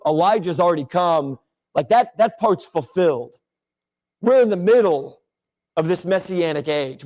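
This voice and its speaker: Higher-pitched male teacher, casual rambling delivery, church Bible class setting. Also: darkish tone. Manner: conversational, rambling with fillers and restarts.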